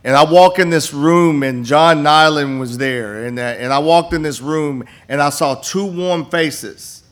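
A man's voice: on the high side, measured pace. An older man, a campus minister speaking to a church congregation and telling folksy stories with many restarts. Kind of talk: church appeal and testimony. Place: church sanctuary.

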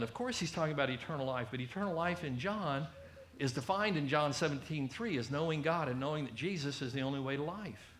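A man preaching a sermon in a conversational, animated way, often acting out the people he quotes. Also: a little high, brisk, echoey room.

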